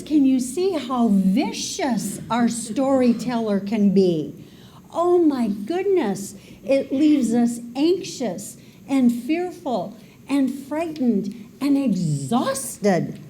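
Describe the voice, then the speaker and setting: A woman delivers a sermon in a mellow, warm tone, slightly high-pitched and unhurried. Her delivery is dramatic and expressive as she leads the congregation. A faint hiss sits behind her voice. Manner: leads the congregation in call and response. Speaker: minister.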